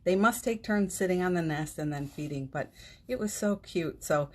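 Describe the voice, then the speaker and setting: A woman hosting a morning live stream, chatting gently and affectionately with viewers, greeting them by name and laughing often. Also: on the low side, lively intonation, normal speed. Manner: laughs often, speaks softly. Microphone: phone.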